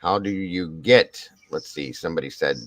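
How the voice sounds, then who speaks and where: A man's voice: low-pitched, moderate pace, a bit bright, no room sound, rough recording. An older man hosting a casual live stream at home, effusively thanking viewers one by one. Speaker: livestream host.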